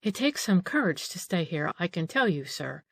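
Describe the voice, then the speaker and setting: A woman's voice: on the low side, very animated, normal speed, gravelly, no echo, heavily acted. A woman reading an audiobook, voicing an old female housekeeper who grumbles, frets and takes offence easily. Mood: fretful.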